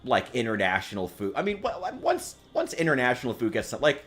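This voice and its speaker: A man from the United States streams a game, chatting casually in a rambling, joking style full of profanity and restarts. His medium-pitched voice is brisk and a bit bright, with huge pitch swings, over soft background music.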